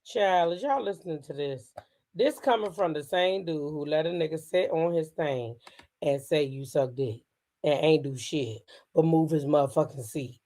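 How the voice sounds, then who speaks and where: A woman with a deep, warm voice talks at a moderate pace while hosting a casual gossip commentary show. Her delivery is profane, sassy and blunt, aimed directly at her audience.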